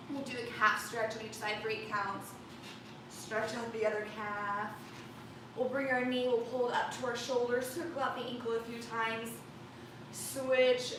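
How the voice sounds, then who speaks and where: A woman teaching an online ballet class, giving calm step-by-step cues and counts. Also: a little high, background noise. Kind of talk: online dance class instruction. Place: dance studio. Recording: roomy studio with distant mic. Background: loud class music.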